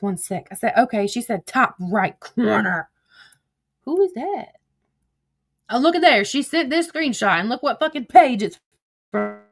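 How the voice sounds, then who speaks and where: A woman casually retelling a text conversation, reading each message aloud as "I said, she said" and swearing freely. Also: on the high side. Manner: swears freely, blunt and exasperated. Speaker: vlogger retelling online drama.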